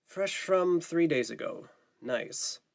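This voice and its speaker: A man's voice: on the high side, animated, slow pace, gravelly, pitched above the performer's own voice, exaggerated voice. Man voicing a dry, wry teenage camper. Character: teenage boy camper, rebellious but polite.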